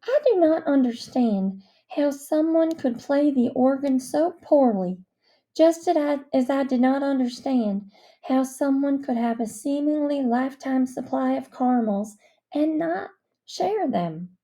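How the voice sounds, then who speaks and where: A woman narrating a children's novel aloud in a measured, expressive way. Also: high voice. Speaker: audiobook reader. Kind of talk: storybook narration.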